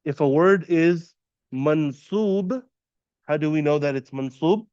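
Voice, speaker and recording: A man teaching a classroom lesson, patiently quizzing students and repeating terms slowly. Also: on the high side, darkish tone, clear, resonant tone, dry recording, muffled recording. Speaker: Arabic teacher. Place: classroom at an Islamic center.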